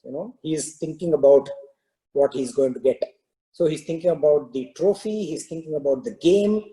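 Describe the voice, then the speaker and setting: A man telling a parable during a spiritual talk, in a relaxed storytelling manner with many "you know" fillers. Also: on the high side, normal speed, rough recording. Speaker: spiritual discourse teacher.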